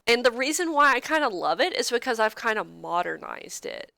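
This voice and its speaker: A woman's voice: a little high, big pitch swings, a little fast, vocal fry, bright, forceful tone, dry recording. A young woman co-hosting a casual podcast, candid and blunt, swearing freely and wandering into asides. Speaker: podcast co-host. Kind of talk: casual chat. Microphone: podcast microphone, streamed live.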